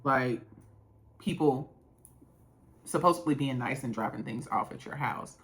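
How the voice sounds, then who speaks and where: A woman's voice: extremely low pitch, unhurried. A woman hosting a casual reaction video while doing her makeup, emphatic and giving advice, repeating herself for stress.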